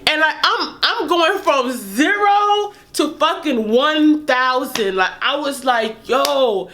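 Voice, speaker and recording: A young woman vlogger telling a casual story in an animated, profane way, laughing as she goes. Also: high-pitched, slow pace, a little hiss or hum.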